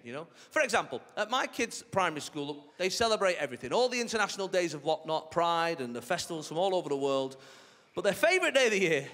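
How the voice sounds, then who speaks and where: A man doing a live stand-up routine on a theatre stage, chatty and animated, with mock-outraged asides. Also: high voice. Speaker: stand-up comedian. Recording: reverberant theatre with crowd laughter. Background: audience laughter.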